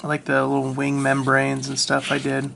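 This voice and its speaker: A man casually talking through his old sketchbook, relaxed and self-mocking, with lots of ums and restarts, recorded on a handheld camera. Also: medium pitch, moderate pace, vocal fry, slight background noise. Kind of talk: casual rambling commentary. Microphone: handheld camera mic.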